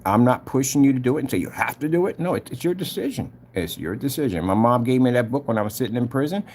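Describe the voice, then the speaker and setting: A man talks to the camera about his own life in an earnest, preachy way. His voice sits at an ordinary pitch, and he acts out the other people's voices as he retells what happened to him. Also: lively intonation, fast, darkish tone, a little hiss or hum. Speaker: vlogger giving a personal testimony. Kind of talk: casual spoken testimony.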